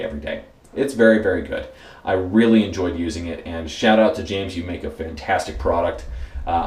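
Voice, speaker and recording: In an echoey, roomy space, an American man reviews a product at an easy, unhurried pace in a low voice. He's laid-back, often repeating words for emphasis and dropping in plenty of fillers.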